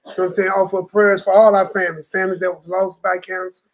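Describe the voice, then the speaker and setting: Man, preaching, high voice, emphatic, Bible study teacher, keeps checking in with the room. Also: little pitch movement, fast talker, low-quality recording. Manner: emphatic, repeats "you know what I'm saying".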